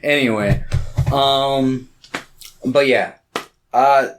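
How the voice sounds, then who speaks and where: A man's voice: mid-range voice, drawn-out words, faint music behind. Rambling man on a movie podcast. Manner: rambling, filler-heavy, quotes characters in put-on voices. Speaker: podcast co-host. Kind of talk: casual movie review chat.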